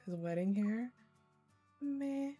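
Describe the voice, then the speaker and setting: Lively chatty woman streaming a game. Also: fairly high pitch, slow, soft background music. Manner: chatty, excitable, giggly, reads game text aloud. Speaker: gaming streamer. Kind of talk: live game playthrough commentary.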